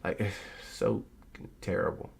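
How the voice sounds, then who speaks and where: A young man hosting a live stream, chatting casually with his viewers about wrestling in a laid-back, slangy way. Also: takes it slowly. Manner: laid-back, slangy, talks straight to chat.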